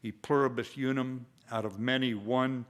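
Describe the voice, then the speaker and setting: An older man, a retired general, giving a speech with a personal war story, told in a measured way with frequent fillers. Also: mid-range voice, steady tone, smooth.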